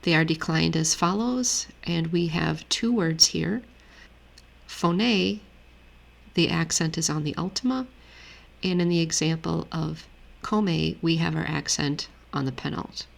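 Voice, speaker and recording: A woman with a low voice teaches a grammar lesson. She explains each point in a steady, methodical way, and her voice has a gravelly edge. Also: measured pace. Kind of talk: screen-share lesson walkthrough.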